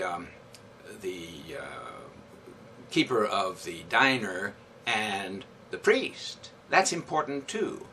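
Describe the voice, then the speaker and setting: A man's voice: medium pitch, bright, forceful tone, far from the mic, slight background noise. A man directing community theatre, answering interview questions thoughtfully with many fillers and restarts.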